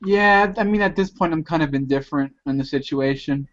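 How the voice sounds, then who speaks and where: Brief: teasing man in casual group chat, fairly high voice, muffled call line. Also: brisk. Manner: teasing, joking. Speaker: participant in an online chat. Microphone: video call. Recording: muffled video call audio.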